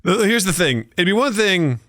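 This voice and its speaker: Lively, animated podcast host. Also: male voice, high-pitched, moderate pace, slight background noise. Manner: animated, jokey riffing. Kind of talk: casual chat.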